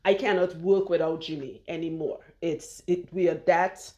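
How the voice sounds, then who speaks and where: A woman's voice: lowish voice, fairly even intonation, normal speed, mellow. A woman chatting casually while her hair is done, rambling and laughing often, on a clip-on mic. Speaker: loctician and vlogger.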